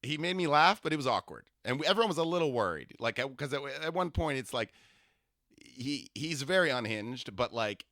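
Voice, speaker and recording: Bright, rambling comedian telling a story. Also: male voice, medium pitch, big pitch swings, fairly quick, no room sound, studio quality. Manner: rambling, self-interrupting storytelling. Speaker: comedian podcast host. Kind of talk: comedic solo monologue.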